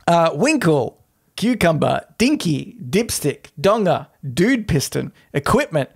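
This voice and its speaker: A man's voice: a little high, very animated, slow pace, vocal fry, slightly rough. A man hosting a podcast, reading a list aloud and laughing often in casual comedic chat. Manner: giggly, reads out a list, laughs a lot. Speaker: podcast host.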